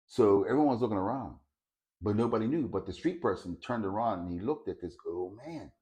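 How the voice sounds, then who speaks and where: Hesitant low-voiced male storyteller. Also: animated, a little fast, warm tone. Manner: hesitant, repeats words while finding them. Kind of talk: casual spoken storytelling.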